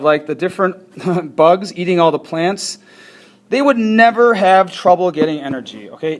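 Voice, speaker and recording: A male teacher talks students through a worksheet, chatty and encouraging and quick to laugh at his own mistakes. His voice sits a bit high for a man and swings up and down with lively energy. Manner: chatty, self-deprecating, encouraging. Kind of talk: recorded classroom lesson walkthrough.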